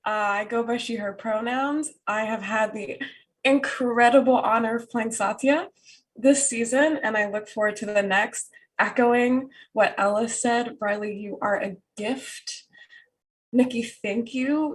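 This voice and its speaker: A woman player, teary and emotional, gushes her thanks at the end of a live stream. Her voice sits a little high, and she laughs between quick phrases. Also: poor audio.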